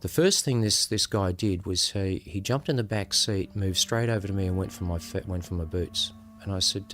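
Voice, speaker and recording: A man's voice: deep voice, fairly even intonation, a bit bright, soft background music. A man with an Australian accent, a former undercover police officer, recounting his experiences in a reflective, conversational way. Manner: unhurried, reflective, acts out quoted voices. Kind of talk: conversational storytelling.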